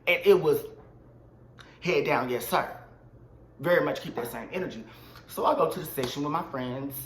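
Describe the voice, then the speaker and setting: A man telling a storytime vlog in an animated, slangy and dramatic way. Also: a little high, normal speed, echoey room, a little hiss or hum. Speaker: vlogger.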